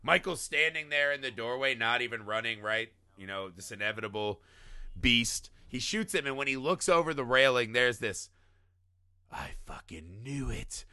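A man in casual chat, an animated, profane storyteller who often laughs. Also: medium pitch, moderate pace, smooth, no room sound, studio quality.

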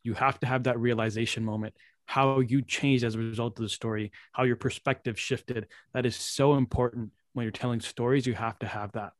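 A man's voice: medium pitch, fairly even intonation, fairly quick, no echo. Man hosting a podcast, dry sound. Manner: reflective, explaining, passes the turn. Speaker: podcast host. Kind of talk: casual podcast chat.

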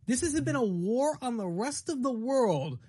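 Female co-host, husky and lively, pushes her point hard in a heated chat. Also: fairly high pitch, measured pace. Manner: emphatic, stumbling restarts. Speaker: podcast co-host. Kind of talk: heated casual debate.

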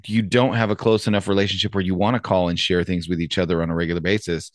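A man in casual chat, reflective and measured, speaking from his own experience. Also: low voice, flat delivery, dry recording, studio quality.

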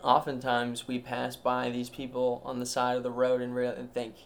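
A man's voice: mid-range voice, monotone, normal speed, few pauses, a little hiss or hum. A man hosting a solo podcast, rambling in a meandering, self-interrupting, mock-grand way. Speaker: podcast host.

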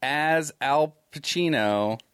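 A man's voice: fairly high pitch, takes it slowly, a bit bright, smooth, dry recording, clean studio sound. A man hosting a casual talk show, reading news items aloud with wry comments. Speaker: news-segment host.

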